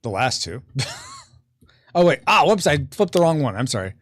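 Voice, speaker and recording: A man hosts a casual board game playtest, talking through the rules and reading viewer comments aloud. His pitch moves a lot and he laughs easily. The sound is dry and close. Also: sing-song, moderate pace, fairly bright tone, no room sound. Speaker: podcast host and board game designer.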